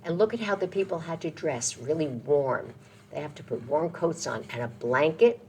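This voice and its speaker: A woman reading a picture book aloud at a children's storytime, gentle and sing-song, making jingle and swoosh sounds. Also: sits low, animated, moderate pace, slight background noise. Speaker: children's librarian.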